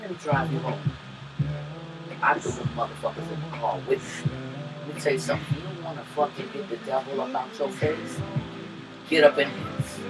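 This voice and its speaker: A woman's voice: very deep voice, brisk. Brash cursing woman telling a story on a podcast, sounds far from the mic. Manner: brash, profane, swings from loud to hushed. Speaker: podcast co-host. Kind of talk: animated storytelling. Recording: distant mic with music behind.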